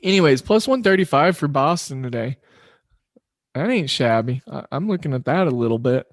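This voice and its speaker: A man hosts a sports betting podcast in casual solo talk, rambling loosely and poking fun at himself. His mid-range voice is animated at a moderate pace, and the recording is dry and studio quality.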